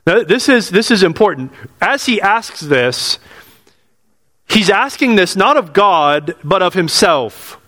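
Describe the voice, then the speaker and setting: A man's voice: high voice, sing-song, slow pace, pushed and bright. A pastor preaching a sermon in earnest, repeating his phrases and asking the congregation questions. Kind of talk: expository sermon. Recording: long hall reverb.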